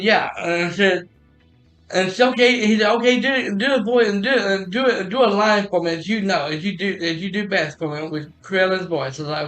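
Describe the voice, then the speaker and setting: A man with a high, bright and forceful voice tells a story on a live podcast stream. He stumbles and restarts his phrases, repeating himself as he acts out quoted dialogue, with faint music playing underneath. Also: rough recording. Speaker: podcast host telling a story. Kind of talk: casual rambling storytelling. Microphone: streaming mic.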